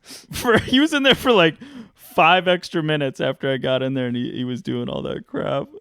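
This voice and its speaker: A man's voice: mid-range voice, normal speed, creaky, a bit bright, smooth, no echo, studio quality. A young man hosting a podcast, chatting casually and telling stories with slang, laughing often. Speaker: podcast host. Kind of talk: casual chat.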